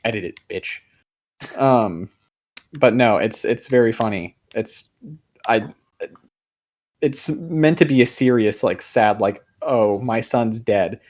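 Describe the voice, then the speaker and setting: A young man chats loosely on a podcast, his middle-pitched voice stopping and starting as he hunts for words. He fills the gaps with frequent "um"s and tosses in a casual swear now and then. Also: slow, pauses often, a little mellow. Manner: rambling, hesitant, many fillers and restarts. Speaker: podcast co-host. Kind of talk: casual chat.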